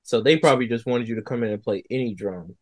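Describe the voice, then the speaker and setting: A man co-hosting a podcast, mostly chiming in with short agreements and quick remarks in casual chat. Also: medium pitch, darkish tone. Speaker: podcast co-host.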